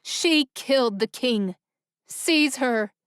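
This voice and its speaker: A young royal man barks commands through a shaking voice, all grief and fury, as a woman reads him. The tone stays smooth and close, with a slightly lifted pitch and plenty of force. It plays like a storybook prince at his breaking point. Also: expressive, slow, no echo, exaggerated voice. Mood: furious. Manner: shouting commands, voice trembling. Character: young male prince, grieving and enraged.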